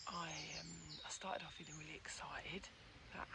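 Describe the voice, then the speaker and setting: Gravelly-voiced chatty woman vlogging outdoors. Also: low-pitched, fairly even intonation, moderate pace, background noise. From Peckham, London. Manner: chatty, effusive, thinks aloud, often drops to a near-whisper. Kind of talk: casual vlog talk to camera.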